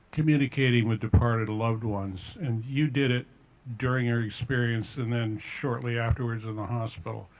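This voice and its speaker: A man interviewing a guest and asking a careful, measured question. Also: mid-range voice. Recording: dull lo-fi audio.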